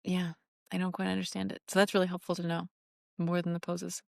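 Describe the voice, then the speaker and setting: A woman co-hosting a podcast, talking candidly and poking fun at herself, often stopping to restart a thought. Her voice sits on the low side for a woman, and it is recorded close and dry with no room sound. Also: monotone, vocal fry, a little mellow, dry recording. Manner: candid, self-deprecating, halting restarts. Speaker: podcast co-host. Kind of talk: casual chat.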